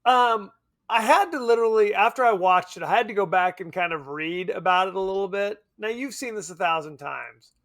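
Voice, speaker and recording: High-voiced man chatting about movies. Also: fairly quick, no room sound, clean studio sound. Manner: animated, laughing, swearing casually. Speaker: podcast co-host. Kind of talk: casual film discussion.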